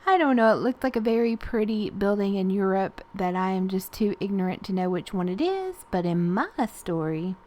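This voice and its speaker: Southern woman, casual crafting voice-over, rambling and folksy, mid-pitched. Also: lively intonation, normal speed, hardly any pauses. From Tennessee. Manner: chatty and rambling, frequent soft laughs and fillers. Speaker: art journaling YouTuber.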